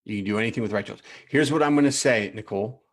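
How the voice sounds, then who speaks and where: Speaking quickly in a lowish voice, a man coaches during a live training session. He reviews profiles aloud with animation, repeats himself, and addresses viewers by name.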